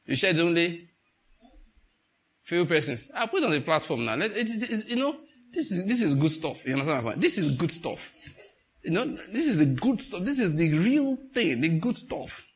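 A man's voice: on the high side, sing-song, normal speed, slightly rough. A man with a Nigerian accent preaching a sermon to a congregation, telling stories with chuckles and asking the listeners to answer. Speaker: pastor.

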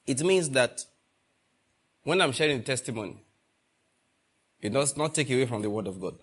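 A man's voice: medium pitch, lively intonation, normal speed, a bit bright, breathy edge. A man preaching a sermon, asking the congregation rhetorical questions and repeating phrases for emphasis.

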